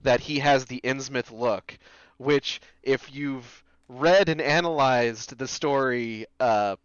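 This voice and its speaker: A man with a Boston accent chats as a podcast guest, easygoing and prone to long tangents. His voice is smooth and resonant at a middle pitch. The call audio is dry and a little dull, with no room around it. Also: slow pace, no room sound. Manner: laid-back, tangent-prone storytelling. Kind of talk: casual chat.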